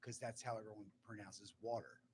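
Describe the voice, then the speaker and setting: A man from Delaware co-hosting a casual live chat, excitable and quick to laugh. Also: lowish voice, husky. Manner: excitable, laughing, loud outbursts. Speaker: podcast co-host.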